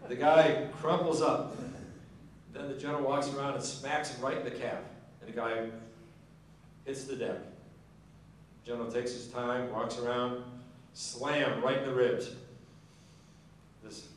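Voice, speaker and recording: A man's voice: mid-range voice, fairly even intonation, measured pace, long pauses, a little hiss or hum. A man telling a rambling, folksy joke to the crowd at a Marine Corps birthday ball. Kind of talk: after-dinner joke telling. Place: large banquet hall. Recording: echoey banquet hall, distant mic.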